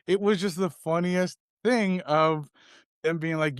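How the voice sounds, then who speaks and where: A middle-aged man co-hosting a casual podcast, telling a story with lively acted-out voices. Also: fairly high pitch, a little slow, clean tone, dry recording, clean studio sound. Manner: animated storyteller, acts out his kids' voices. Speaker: podcast co-host.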